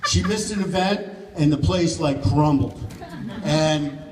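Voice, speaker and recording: A man's voice: on the high side, takes it slowly, a crowd in the background. A man giving a rambling, joking thank-you speech at an event, chuckling often and close to tears. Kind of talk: emotional off-the-cuff speech. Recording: echoey hall from far off, noisy room.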